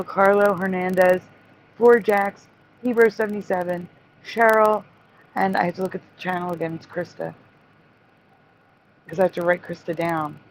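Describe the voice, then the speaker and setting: A woman's voice: mid-range voice, rough recording. A woman hosting a live stream, apologetic as she reads out the names of new viewers. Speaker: host. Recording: faint background noise.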